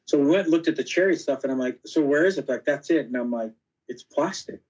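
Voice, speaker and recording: A man in a relaxed podcast interview, telling stories with energy and a voice of middling pitch. He jumps into quoted dialogue and plays each speaker's part as he goes. His talk is full of casual fillers. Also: quick pace, poor audio. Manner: animated anecdotes, acting out quoted dialogue; frequent fillers like "you know". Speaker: podcast guest.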